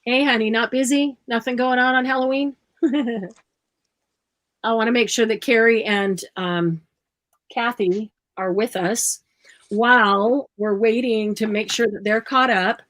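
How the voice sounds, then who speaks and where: A woman's voice: on the high side, fairly even intonation, a little slow, fairly bright tone, dry recording, poor audio. A woman hosting a live craft tutorial, chatting and explaining each step aloud while she works. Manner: chatty, laughs often, explains steps aloud.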